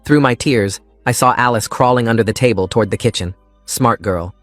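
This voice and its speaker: A man narrating a first-person story in a calm, steady scripted style. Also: mid-range voice, fairly quick, soft background music.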